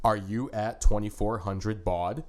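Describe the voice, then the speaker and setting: A man's voice: fairly low pitch, steady tone, unhurried, darkish tone. A man co-hosting a casual podcast, joking and rambling with lots of restarts. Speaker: podcast co-host. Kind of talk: casual chat.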